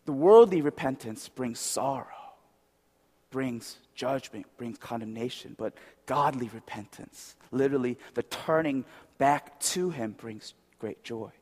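A man delivers a sermon in a relaxed, conversational manner, often turning to the crowd for agreement. His voice sits high for a man. The sound rings out with the long reverb of a large hall. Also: normal speed. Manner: conversational, asks the crowd "right?". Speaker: preacher.

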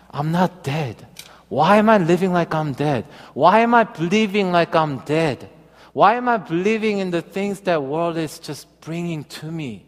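A pastor preaches in an earnest, personal way, mixing his own story with quoted scripture. His voice is high for a man. The sound carries a long reverb, as in a large church. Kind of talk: sermon.

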